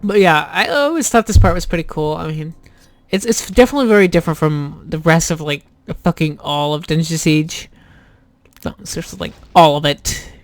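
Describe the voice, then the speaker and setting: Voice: mid-range voice, brisk, no room sound. A rambling YouTuber chats through a let's play, trailing off and restarting, cracking self-deprecating jokes and swearing casually. The voice sits in a middle range on a dry, close desk mic. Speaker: YouTuber playing a game.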